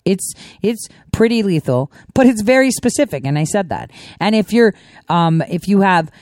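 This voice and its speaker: A woman's voice: medium pitch, animated, normal speed, a little mellow, no echo. A woman hosting her own show, talking in a rambling, conversational way with many asides. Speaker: show host. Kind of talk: casual political commentary.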